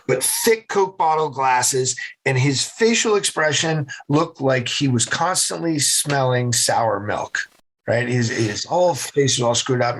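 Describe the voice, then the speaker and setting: A middle-aged man from central Massachusetts, a podcast guest telling his story with animated, acted-out voices. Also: medium pitch. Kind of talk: storytelling interview answers.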